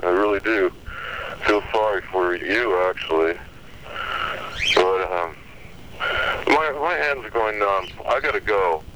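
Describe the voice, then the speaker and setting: A man's voice: on the low side, slow, pauses often, background noise. A man leaving aggrieved, self-pitying, rambling messages on an answering machine.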